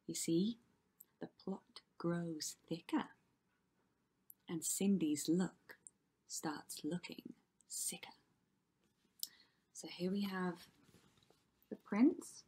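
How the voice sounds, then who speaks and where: A woman's voice: on the low side, very slow, pauses often, dark tone, husky. A woman teacher reading a rhyming story aloud to children with dramatic delivery, often dropping to a whisper. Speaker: primary school teacher.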